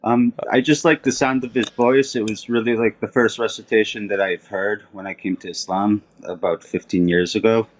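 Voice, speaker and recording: Man, 30s, podcast caller, lowish voice, hesitant, lots of fillers. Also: fairly even intonation, moderate pace, few pauses. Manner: hesitant, many fillers, plain and modest. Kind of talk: casual interview answers.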